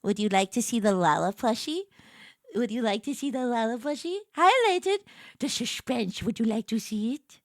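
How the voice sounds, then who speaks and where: A woman streamer chatting casually on a live stream. She gushes with excitement and thanks her viewers effusively. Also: fairly high pitch, moderate pace, dry recording, clean studio sound.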